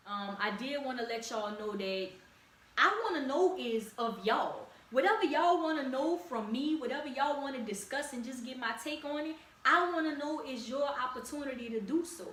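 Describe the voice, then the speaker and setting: Louisiana lady doing her podcast, kinda high voice, chatty n encouraging, roomy echo. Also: expressive, normal speed, fairly bright tone. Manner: direct, encouraging, conversational with slang. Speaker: podcast host. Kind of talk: casual solo podcast talk. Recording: echoey room, distant mic, faint ambient noise.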